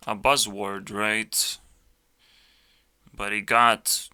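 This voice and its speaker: Slow, profane ranting man. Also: fairly low pitch, pushed and bright, clear, resonant tone. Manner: blunt, profane, full of fillers and restarts. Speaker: youtuber reacting to videos. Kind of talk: casual ranting commentary.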